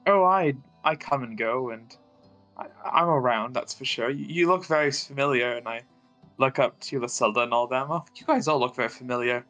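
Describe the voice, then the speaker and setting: A man playing a smooth-talking young student. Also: medium pitch, a little fast, sharp tone, faint music behind, lightly acted. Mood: charming. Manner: breezy, stammering charm.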